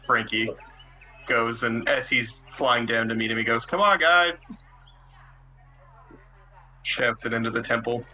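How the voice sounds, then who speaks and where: A man's voice: medium pitch, completely flat delivery, normal speed, pushed and bright, rough recording. A man playing a tabletop game, voicing his character politely and hesitantly with many ums. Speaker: player. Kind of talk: roleplaying a character in a live game.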